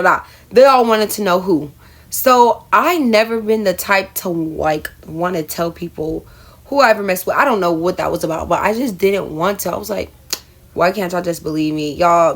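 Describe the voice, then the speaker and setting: Chatty woman telling a storytime. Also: medium pitch. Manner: chatty, addresses viewers as y'all, laughs at herself. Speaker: storyteller vlogger. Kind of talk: casual storytime vlog.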